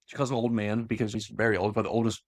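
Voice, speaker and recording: A man's voice: lowish voice, little pitch movement, fast talker, dry recording, studio quality. A man casually retelling a story in a loose, rambling way with many fillers. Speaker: lore explainer. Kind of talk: casual lore chat.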